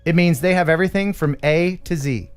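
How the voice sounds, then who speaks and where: A man's voice: on the high side, a little fast, clear, resonant tone, soft background music. A man hosting a casual live stream, joking and rambling with his co-hosts. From United States. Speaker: livestream host.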